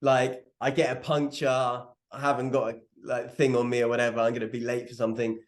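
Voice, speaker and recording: A man's voice: mid-range voice, level tone, brisk. A man co-hosting a podcast, talking casually and earnestly with loose fillers. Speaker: podcast co-host. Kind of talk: casual chat. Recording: roomy echo.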